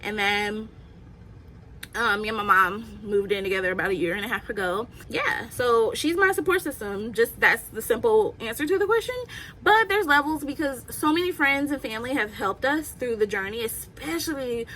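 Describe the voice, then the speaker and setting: A woman's voice: on the high side, expressive, normal speed, sharp tone, rough recording. A young woman vlogging casually, answering questions in a chatty, candid way and laughing often. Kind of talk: casual Q&A vlog.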